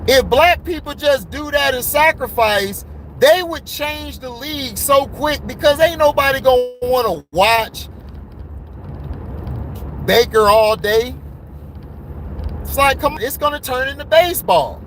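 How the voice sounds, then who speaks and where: A man giving a casual, blunt sports commentary rant, excitable and laughing often between his points. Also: extremely high pitch, measured pace, slight background noise, rough recording.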